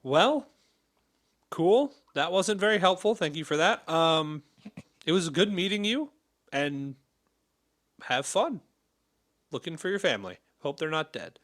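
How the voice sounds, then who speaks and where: Lively, animated man playing a tabletop game. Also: a little high, unhurried, long pauses. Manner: animated, joking. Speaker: player. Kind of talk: casual tabletop play.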